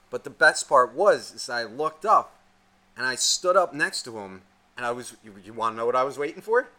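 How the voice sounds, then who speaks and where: A young man co-hosting a podcast, telling a story in a casual, profane, animated rant. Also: medium pitch, normal speed. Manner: swears constantly, animated ranting. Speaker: podcast co-host.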